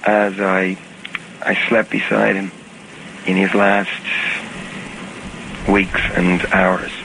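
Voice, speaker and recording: Gravelly-voiced man in halting phone interview. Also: low-pitched, little pitch movement, a little hiss or hum, rough recording. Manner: halting, many restarts, soft-spoken. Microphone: phone call recording. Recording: archival phone tape with music underneath.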